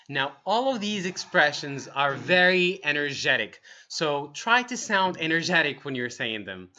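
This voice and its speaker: A man teaching an online English lesson in an energetic, upbeat way, saying example phrases slowly. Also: fairly high pitch.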